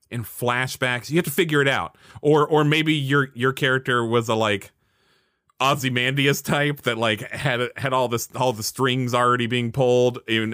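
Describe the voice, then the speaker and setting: A game master running a tabletop role-play, chatty and quick to laugh. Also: medium pitch, a bit bright, no echo, clean studio sound.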